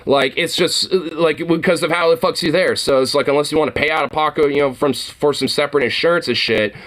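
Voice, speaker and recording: A man's voice: a little high, fast talker, fairly bright tone. A man venting to camera in a heated, rambling monologue, swearing constantly and filling gaps with "you know" and "like". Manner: heated, profane, rambling with many fillers. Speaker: vlogger.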